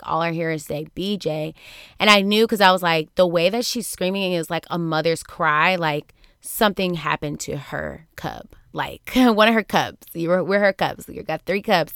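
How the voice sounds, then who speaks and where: A woman talks into a studio microphone, recounting a family story in a loose, chatty way and slipping into the voices of the people she quotes. Her voice is smooth and clear, sitting a little low for a woman. The sound is dry and close, with no room around it. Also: no room sound. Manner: animated, acts out quoted voices, laughs often. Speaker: podcast host. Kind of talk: casual storytelling monologue.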